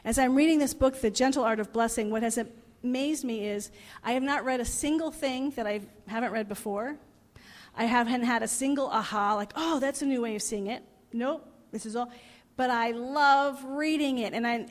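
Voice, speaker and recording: Woman pastor preaching, kinda high voice, earnest, repeats herself, big echoey hall. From United States. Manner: earnest, repeats phrases for emphasis. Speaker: minister. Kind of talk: sermon.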